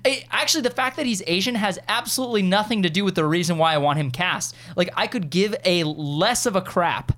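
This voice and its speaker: A man co-hosting a casual chat show, excitable and animated, talking fast with many restarts. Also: high-pitched. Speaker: podcast co-host.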